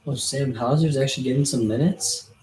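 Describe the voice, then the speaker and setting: A man's voice: medium pitch, fairly quick, a little mellow. A young man co-hosting a podcast, chatting casually and joking as he reacts to a game on TV. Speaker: podcast co-host. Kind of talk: casual chat while watching a game. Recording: roomy echo, faint background noise.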